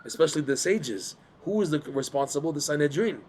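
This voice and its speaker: Animated man teaching a Torah class. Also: on the high side, a little fast, a little hiss or hum. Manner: animated, repeats words, asks listeners to follow. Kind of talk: Torah class explaining texts.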